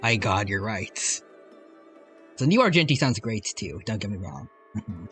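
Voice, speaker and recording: A man streaming a game live, talking in a casual, rambling and joking manner. His pitch moves in a lively way. Faint game music sits behind him. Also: measured pace.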